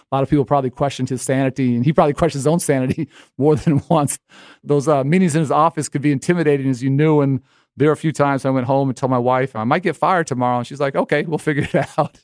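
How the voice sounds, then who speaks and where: A man's voice: medium pitch, a little mellow, dry recording. Earnest middle-aged male guest, dry sound. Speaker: interview guest, education leader. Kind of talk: conversational interview.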